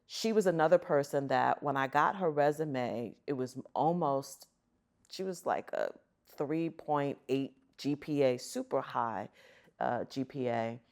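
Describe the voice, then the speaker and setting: A middle-aged woman, a guest on an interview show, telling stories in an animated, emphatic way. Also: very deep voice, measured pace, vocal fry. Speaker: guest, arts center chief executive. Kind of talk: conversational storytelling.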